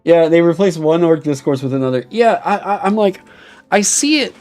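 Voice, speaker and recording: A young man streaming casually, reading chat aloud and reacting with animated, swear-filled mock outrage. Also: on the high side, normal speed, soft background music.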